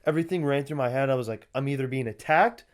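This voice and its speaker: A young man co-hosting a podcast, telling animated, profanity-laced stories in casual chat and acting out what people said. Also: medium pitch, quick pace. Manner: animated, swears a lot, acts out quotes. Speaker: podcast co-host.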